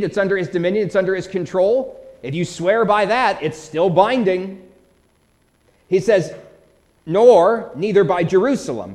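A man's voice: high voice, a little mellow. A man preaching a sermon, emphatic and direct, asking his listeners questions. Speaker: pastor.

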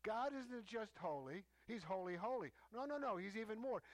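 A man preaching a sermon as a teaching, emphatic, stressing points with rising pitch. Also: lively intonation, normal speed, no echo.

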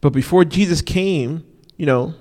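In a large hall with long reverb, a man gives an easygoing, conversational sermon, often saying "you know" and repeating key phrases to stress them. He speaks unhurriedly in a mellow voice that sits a little high.

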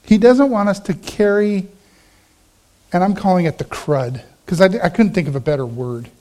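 Higher-voiced man preaching conversationally. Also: moderate pace, mellow. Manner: conversational storytelling, quotes friends in a low voice. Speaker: pastor. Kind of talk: sermon with personal story.

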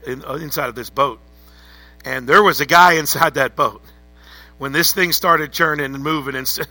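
A man preaching a sermon with a very bright, forceful tone and a slightly high voice. He tells a vivid story in the second person and repeats phrases for emphasis. The sound is dry and close. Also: no room sound. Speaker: pastor.

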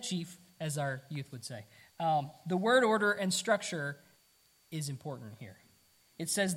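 A man's slightly high, bright voice has lively intonation and a somewhat slow pace. He's a pastor preaching conversationally and earnestly to his congregation, repeating himself, asking rhetorical questions, and tossing in casual asides.

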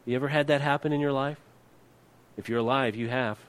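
A middle-aged man preaches at an ordinary pitch, firing rhetorical questions at his listeners. He lets his voice sink low and quiet when he presses a point, then lifts it again to ask the next question. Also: fairly even intonation, brisk, clean tone. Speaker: pastor. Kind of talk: sermon.

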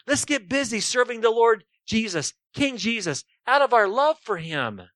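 A man's voice: very high-pitched, sing-song, moderate pace, a bit bright, no echo. A man preaching a sermon emphatically, often posing rhetorical questions to his listeners.

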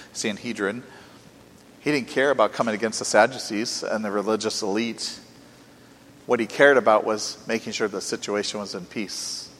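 A man preaching a sermon earnestly, asking rhetorical questions and swinging between soft and emphatic delivery. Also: fairly low pitch, a little hiss or hum. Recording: long reverb from a hall.

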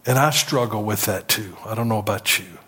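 A man's voice: fairly low pitch, a little fast, pushed and bright, husky. A man preaching a sermon as pastor, emphatic, leading the congregation in call-and-response.

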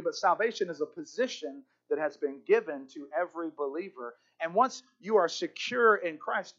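A man preaching a sermon as pastor, fervent, repeating key phrases and slowing down to stress them. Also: high voice, a bit bright, lo-fi sound.

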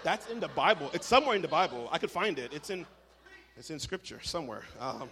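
Young male preacher, playful and animated, call-and-response style, long reverb around him. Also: fairly high pitch, fast. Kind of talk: lively sermon. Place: church hall. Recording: reverberant hall.

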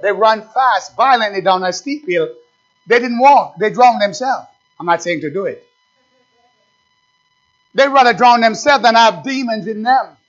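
A man preaching a sermon as pastor, swinging from shouted exhortation to hushed pleading. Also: sits high. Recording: dull lo-fi recording.

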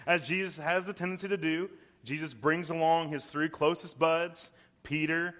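Young guy preaching, kinda high voice, emphatic, slows way down on the big words. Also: steady tone, fairly bright tone. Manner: puts on voices when quoting. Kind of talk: sermon.

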